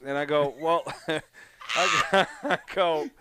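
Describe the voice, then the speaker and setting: A man from Canada telling a story in casual chat on a podcast, profane and animated. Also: a little high, a little slow, a little hiss or hum. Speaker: podcast co-host.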